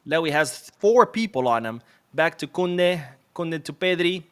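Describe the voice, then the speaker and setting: A man's voice: on the high side, animated, normal speed, smooth. A man hosting a live match watch-along stream, chatty and self-deprecating as he calls the play and reads viewer comments aloud.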